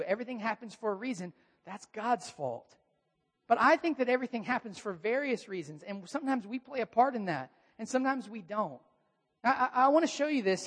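A man preaching a sermon as a pastor, animated, raising and dropping his voice for emphasis. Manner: animated, shifting pitch and volume for emphasis. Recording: long hall reverb.

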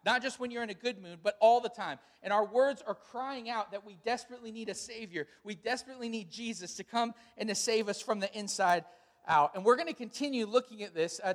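A middle-aged man as pastor, giving church announcements and a sermon in a casual, storytelling way with frequent fillers. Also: high voice. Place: large church hall. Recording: church hall with long reverb.

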